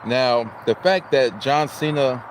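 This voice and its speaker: A medium-pitched man speaks slowly, with background noise, as he hosts a casual livestream. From Illinois in the United States, he chats, greets viewers, and reads out their chat messages.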